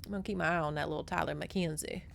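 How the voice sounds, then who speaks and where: A woman lowering her voice for a scheming army colonel, sly and suspicious. The voice drops below her usual pitch and gets quieter, with a quick muttered edge. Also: steady tone, creaky.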